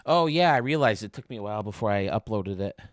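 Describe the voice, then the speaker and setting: A man's voice: fairly low pitch, expressive, fast, no room sound, studio quality. A man hosting a casual livestream from home, chatting as he explains game menus step by step. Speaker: YouTube gaming streamer.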